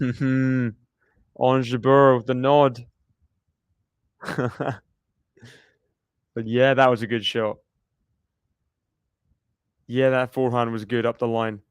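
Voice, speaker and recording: A man's voice: mid-range voice, level tone, slow pace, pauses often, clear, resonant tone, no room sound. A man giving chatty live play-by-play commentary on a tennis match, laughing often and cheering the players on.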